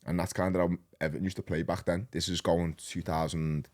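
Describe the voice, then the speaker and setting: A man in his thirties with a Liverpool accent, a podcast guest telling his story in a rambling, animated, slang-heavy way. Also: deep voice, a little fast. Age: 30s. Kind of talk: casual storytelling.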